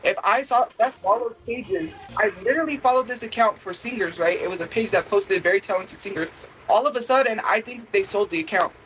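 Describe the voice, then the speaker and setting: A woman's voice: medium pitch, fast, a bit bright, slight background noise, poor audio. A woman livestreamer ranting to her chat, defensive and repeating her point over and over. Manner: defensive, repetitive, talks straight to chat. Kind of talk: livestream rant.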